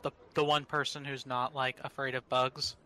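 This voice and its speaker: A man's voice: medium pitch, level tone, moderate pace, pushed and bright. A man playing in a tabletop game, making wry jokes in casual chat. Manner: wry, joking. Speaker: player.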